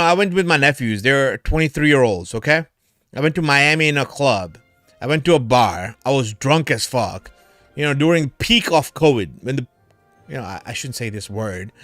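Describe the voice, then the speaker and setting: A man's voice: mid-range voice, a bit bright, no room sound. A man hosting a crypto livestream in a casual, rambling way, a little tipsy from drinking, calling his viewers brother and man.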